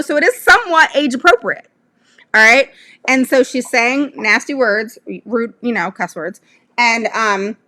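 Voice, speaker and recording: A woman's voice: a little high, sharp tone. A middle-aged woman giving parents casual, conversational advice and often checking in with "all right?". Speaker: parent advocate.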